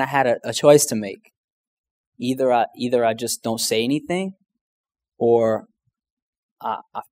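A man's voice: medium pitch, darkish tone. A man, a pastor who tells a testimony story earnestly and conversationally. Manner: earnest, conversational, says "man" and "you know" often.

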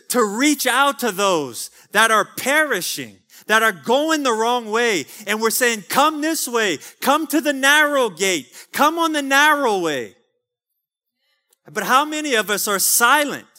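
A man preaches a fervent sermon from the pulpit. His voice sits high and rings out bright and forceful, and it carries a long church reverb behind it. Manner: fervent preaching with calls of amen. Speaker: pastor. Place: church sanctuary.

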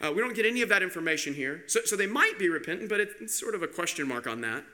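A male pastor preaches a sermon animatedly, asking rhetorical questions and frequently repeating his words. His voice sits high and he speaks fast.

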